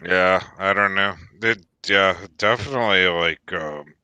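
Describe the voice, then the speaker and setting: Deep, bright-toned man swearing casually. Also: measured pace, clear, resonant tone, no echo. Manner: loose, swears casually, animated storytelling. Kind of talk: casual chat.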